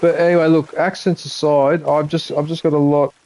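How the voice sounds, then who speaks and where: A man's voice: on the high side, little pitch movement, a little fast, a little mellow, no echo. A man with an Australian accent chatting casually to his live-stream viewers while he plays a game. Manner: rambling, chatty, talks to viewers between game remarks.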